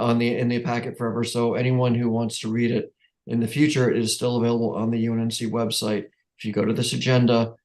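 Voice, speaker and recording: A man with a darkish, medium-pitched voice and a New England accent runs a neighborhood council meeting. He speaks casually and meanders, restarting often, correcting himself, and chuckling throughout.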